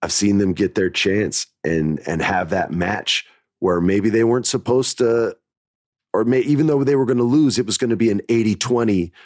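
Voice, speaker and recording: Deep-voiced man hosting a podcast. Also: normal speed, darkish tone, no echo, studio quality. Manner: candid, emphatic, motivational. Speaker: podcast host. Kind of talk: casual storytelling podcast.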